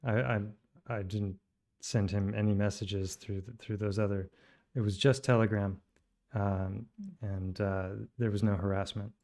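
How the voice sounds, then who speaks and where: A man's voice: lowish voice, steady tone, unhurried, a little mellow. A man streaming, commenting on a played clip with sarcastic, indignant rebuttals.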